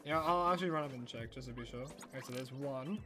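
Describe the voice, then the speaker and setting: A young man streaming a game, telling stories to his chat in an animated way and laughing often. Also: medium pitch, fast talker, music in the background. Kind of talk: casual live-stream chat while gaming.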